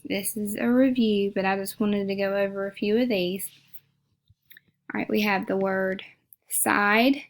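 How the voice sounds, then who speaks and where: A woman teacher with a gravelly, mid-range voice leads a phonics lesson. She patiently repeats words and sounds them out one syllable at a time.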